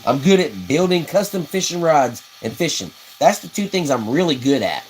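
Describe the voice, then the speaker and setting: A man with a slightly high voice and big pitch swings hosts a casual livestream as he builds custom fishing rods, speaking at a moderate pace. He rambles folksily, reads viewer comments and laughs at his own yarns, and the low-quality recording has slight background noise.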